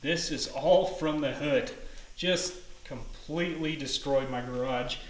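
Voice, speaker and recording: A man's voice: medium pitch, measured pace. Chatty man in his garage. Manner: chatty, jokey, relaxed explaining. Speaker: host of a car restoration channel. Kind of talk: casual how-to vlog. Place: home garage.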